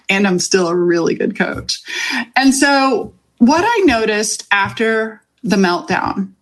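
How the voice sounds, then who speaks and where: A woman's voice: mid-range voice, expressive, moderate pace. Candid, frank middle-aged woman coach. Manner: frank and confessional, swears freely. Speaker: leadership coach. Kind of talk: candid personal monologue.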